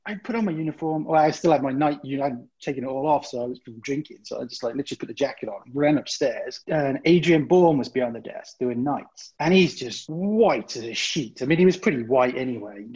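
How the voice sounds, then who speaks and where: A man's voice: medium pitch, a little fast, few pauses, slightly rough, highs cut off. A man from Britain casually telling a profane cruise-crew story, acting out the voices of coworkers. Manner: lively, profane, acts out voices of others. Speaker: storyteller among former cruise ship crew.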